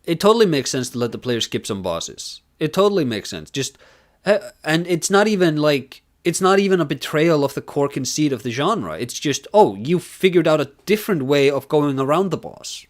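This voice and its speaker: A man's voice: on the high side, big pitch swings, moderate pace. Guy on stream riffing on a talk, rambly, lots of ums, jokey. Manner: rambling, filler-heavy, joking. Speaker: streamer reacting to a conference talk. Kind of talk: casual live-stream commentary.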